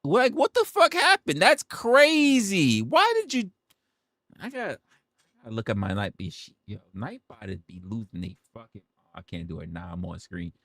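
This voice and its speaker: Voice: mid-range voice, big pitch swings, normal speed, fairly bright tone, no echo, studio quality. A livestreamer chatting casually with viewers, swearing, laughing and exclaiming.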